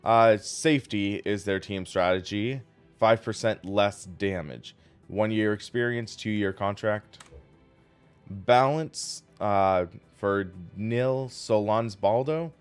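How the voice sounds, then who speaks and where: A man's voice: lowish voice, slow, smooth. A man hosts a live sim racing stream and chats casually while he plays. He rambles and thanks viewers along the way. Faint music plays behind him.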